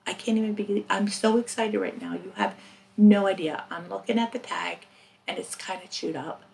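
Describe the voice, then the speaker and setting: A woman's voice: mid-range voice, vocal fry, slight background noise. A middle-aged woman narrating her thrift finds in a casual, chatty way, often dropping into a whisper. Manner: chatty, excitable, drops to whispers. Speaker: thrift reseller vlogger. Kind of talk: casual narrated haul vlog.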